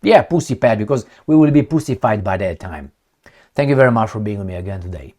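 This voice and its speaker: Lively emphatic male commentator. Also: lowish voice, quick pace. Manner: emphatic, sarcastic, rhetorical questions. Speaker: political commentary host. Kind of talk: opinionated solo commentary.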